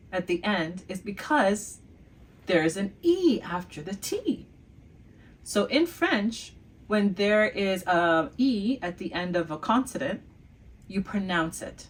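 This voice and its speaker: A woman teaching a beginner French lesson, playfully quizzing the viewer with hums and pauses and carefully enunciating each French word. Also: mid-range voice, husky, far from the mic. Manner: exaggerated enunciation of French words.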